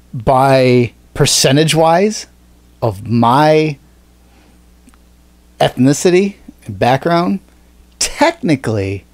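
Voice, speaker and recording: A man's voice: mid-range voice, dry recording. Guy hosting a podcast, rambly and swears a lot, voice jumps all over, dry close sound. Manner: rambling, swears often, frequent fillers and restarts. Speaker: podcast host. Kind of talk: casual chat.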